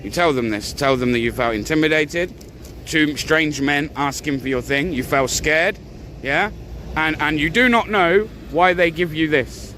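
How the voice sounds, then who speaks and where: A man's voice: on the high side, a little slow. A man, an auditor filming officials on a city street, argues and repeats himself insistently into a handheld camera. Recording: loud street noise.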